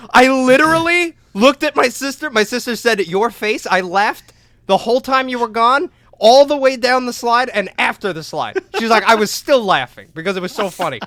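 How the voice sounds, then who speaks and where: A young man co-hosting a podcast, telling a long story in a loose, profane way, acting out voices and shouting at the big moments. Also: very high voice, animated, moderate pace, no echo. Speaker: podcast co-host. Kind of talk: casual storytelling chat.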